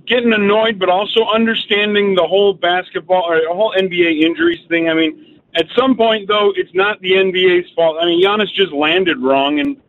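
A man's voice: high-pitched, fairly quick. A man calling in to a sports radio show, hesitant and full of fillers. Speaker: caller. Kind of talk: call-in radio. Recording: tinny phone line with faint noise.

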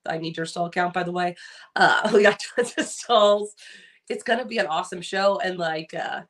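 A middle-aged woman from California co-hosting a podcast, chatting casually and rambling with lots of fillers and restarts. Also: on the low side. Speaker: podcast co-host. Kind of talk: casual chat.

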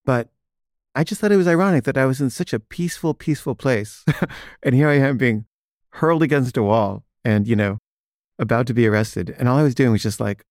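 A man telling a personal story in a relaxed, rambling way, with fillers and self-amused laughs. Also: mid-range voice, a little fast, no echo, studio quality. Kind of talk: casual personal anecdote.

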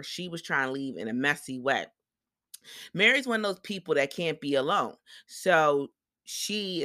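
A podcast host giving a blunt, profane recap monologue and acting out other people's quotes in quick voices. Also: mid-range voice, pushed and bright, no echo, clean studio sound. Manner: blunt and sassy, heavy swearing. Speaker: podcast host reviewing a reality show.

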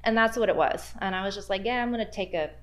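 This Midwestern American woman, a library archives worker, talks fast in a mid-range voice as a podcast interview guest. Recounting an eerie story from work, she performs the quoted lines with large jumps in her voice.

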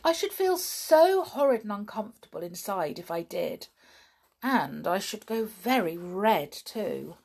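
A woman's voice: medium pitch, big pitch swings, unhurried, gravelly, darkish tone, full character voice. A woman voicing an honest, truthful little girl who speaks earnestly. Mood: reluctant.

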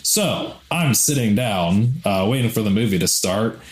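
Animated man telling a story in an echoey room. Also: on the low side, measured pace. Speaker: podcast co-host. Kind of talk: casual podcast chat.

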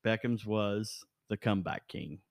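A man's voice: fairly low pitch, unhurried, creaky, dry recording, studio quality. A middle-aged man co-hosting a sports talk show, jokey and openly emotional, laughing often. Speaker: podcast co-host. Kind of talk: casual sports chat.

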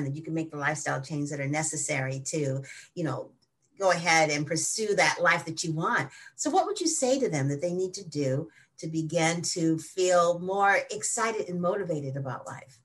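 A woman hosting a conversational interview, her voice low-pitched yet bright and forward. She thinks aloud as she talks and shapes long, winding questions for her guest. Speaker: podcast host. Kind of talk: casual interview chat.

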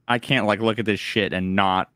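A man's voice: fairly low pitch, steady tone, normal speed, bright, forceful tone, clear, resonant tone, no echo, clean studio sound. A man co-hosting a podcast, ranting in casual chat, swearing and restarting his sentences. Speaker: podcast co-host.

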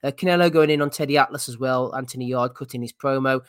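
A man hosting a boxing podcast, steering the chat and running through a segment list in an easygoing way. He has a middle-pitched voice, recorded dry and close. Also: fast, no room sound. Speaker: podcast host.

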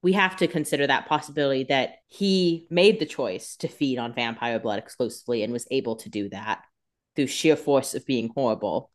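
A woman co-hosting a casual podcast, chiming in with wry, jokey asides and quick banter. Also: very deep voice. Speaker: podcast co-host. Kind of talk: casual chat.

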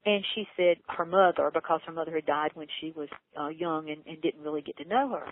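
A woman earnestly telling a personal story in an interview, her voice leaping high when she gets excited. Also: fast talker, hardly any pauses. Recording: tinny phone line, dry.

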